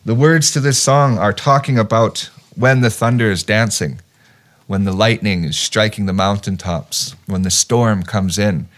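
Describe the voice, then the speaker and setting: A man teaching the words of a traditional song, explaining their meaning and then saying each word slowly for learners to repeat. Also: lowish voice, fairly bright tone.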